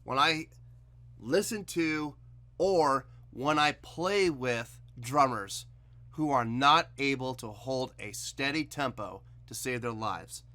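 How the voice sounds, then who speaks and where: A man's voice: mid-range voice, expressive, slow, sharp tone. A man hosting a music reaction video, giving blunt and exasperated commentary straight to the camera.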